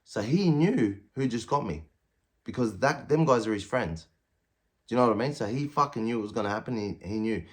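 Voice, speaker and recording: A man in his thirties with an Australian accent bluntly tells a casual story about prison, swearing constantly. He acts out what he and others said in raised voices, speaking a little fast with a mid-range, lively voice.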